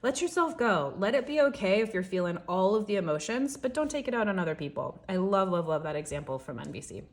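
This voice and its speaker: A woman giving a casual, encouraging daily tarot reading, chatty and gentle, often checking in with "right?". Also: medium pitch, very animated, quick pace. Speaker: tarot reader.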